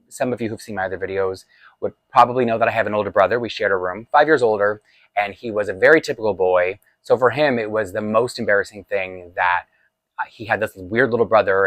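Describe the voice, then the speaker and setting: A man's voice: lowish voice, fairly bright tone, no room sound. A man in his forties telling a personal childhood story in a chatty, confessional way, laughing often. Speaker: vlogger. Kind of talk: storytime vlog.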